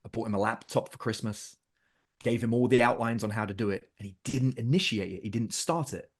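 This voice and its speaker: Man, middle-aged, podcast guest, animated storyteller, trips over and repeats words, mid-pitched voice. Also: brisk. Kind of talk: casual interview storytelling.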